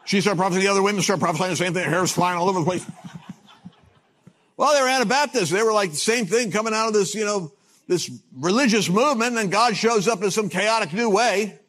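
A man preaching a sermon, telling stories with jokes and swinging between loud bursts and hushed asides. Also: high voice, quick pace. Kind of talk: sermon with storytelling.

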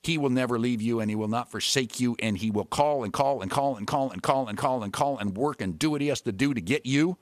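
A man preaching a sermon, retelling a story with lively voices for its characters. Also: medium pitch, brisk, hardly any pauses, no room sound, clean studio sound.

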